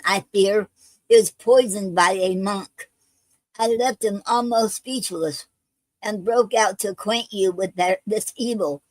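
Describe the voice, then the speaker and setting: A woman reading the part of a male soldier bringing grim news at night, in a plain, measured voice. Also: medium pitch, no room sound, low-quality recording.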